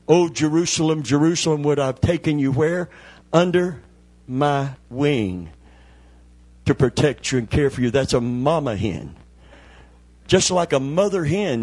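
A husky-voiced man delivering a sermon, his voice sitting a little high for a man. He preaches with rising, emphatic repetitions and calls out to the congregation for amens and hallelujahs. He sounds like a church pastor in full flow. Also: a little mellow.

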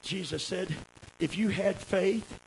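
A man preaching a sermon, dropping low for asides and rising to loud shouts while calling for amens. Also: slow pace, creaky, low-quality recording. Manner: calls for amens from the congregation. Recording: faint hiss.

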